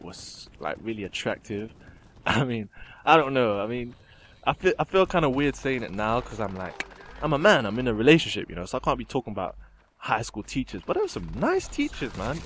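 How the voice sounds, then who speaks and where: A man's voice: mid-range voice, a little hiss or hum. A young man chatting casually and giggling while commenting over gameplay. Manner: chatty, giggly, rambling with fillers. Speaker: gaming commentator.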